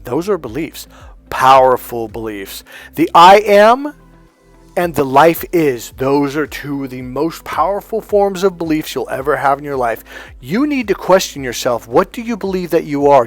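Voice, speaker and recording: A man coaching in a motivational talk, emphatic and animated as he tells personal stories. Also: on the high side, dry recording. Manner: emphatic and animated, often acting out other people's lines. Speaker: life and dating coach.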